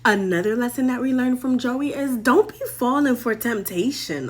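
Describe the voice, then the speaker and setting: A woman's voice: fairly high pitch, moderate pace, few pauses. Playful slangy woman retelling Bible stories. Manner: slangy, playful, animated storyteller. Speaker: host. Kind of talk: casual Bible story retelling.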